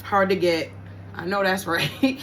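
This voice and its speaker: A woman's voice: medium pitch, steady tone, unhurried, slight background noise. A woman giving a casual tarot reading to her viewers, blunt and profane, often repeating her points for emphasis. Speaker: tarot reader.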